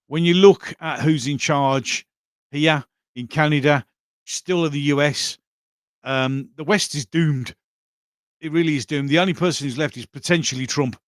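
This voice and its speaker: A man's voice: fairly high pitch, a little slow, pauses often, no echo, studio quality. A man hosting a casual live stream, reading out viewer comments and rambling with many fillers and restarts.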